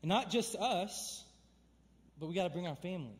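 A man's voice: high voice, lively intonation, normal speed, in a large hall. A young man preaching a sermon in a church, conversational and emphatic, building to fervent calls. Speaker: pastor. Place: church sanctuary.

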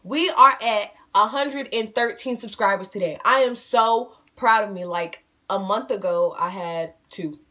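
Her pitch sits fairly high and carries a bit of brightness as this eighteen-year-old vlogger answers viewer questions from home. Chatty and bubbly, she pokes fun at herself and keeps addressing everyone as "y'all."

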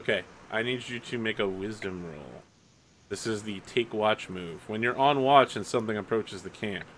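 A man's voice: lowish voice, normal speed, a bit bright, a little hiss or hum. A man running a tabletop game as game master, narrating loosely with lots of "like" and small laughs.

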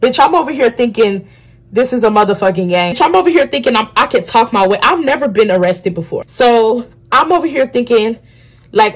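A young woman telling a profane, animated storytime in casual vlog style, acting out the people in it. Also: a little high, brisk. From African family. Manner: animated, profane, acts out quotes loudly. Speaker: beauty vlogger.

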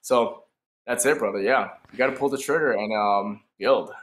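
A man's voice: fairly low pitch, normal speed, fairly bright tone. A man talking casually as a guest in an interview, enthusiastic and loose, with lots of "like" and "you know". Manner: casual and enthusiastic, says "brother" and "like". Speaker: guest, painter.

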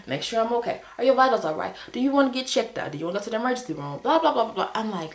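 A woman casually telling a story to her viewers in a vlog, retelling it with exasperated, animated energy. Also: racing, few pauses, echoey room. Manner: animated, exasperated retelling with sudden pitch jumps.

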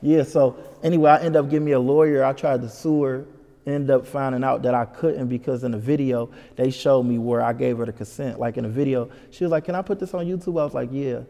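A comedian from Detroit tells a story at a quick clip, acting out voices for the people in it. His voice is gravelly and dark in tone. The sound carries a long reverb, as if in a hard, open room. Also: mid-range voice. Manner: animated, puts on voices for people in his stories. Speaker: comedian guest. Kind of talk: storytelling in a casual interview.

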